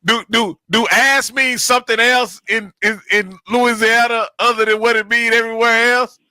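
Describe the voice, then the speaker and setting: A man's voice: very high voice, fairly even intonation, moderate pace, bright, forceful tone, clear, resonant tone, no echo. A man in casual sports talk, emphatic, repeating his points and laughing often.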